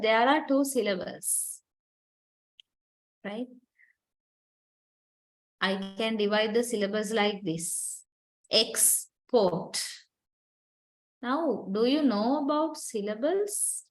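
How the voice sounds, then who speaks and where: Slow-speaking woman lecturer. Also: fairly high pitch, rough recording. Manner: explains patiently, checks in with "okay?" and "right?". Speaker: university lecturer. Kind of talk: classroom lecture.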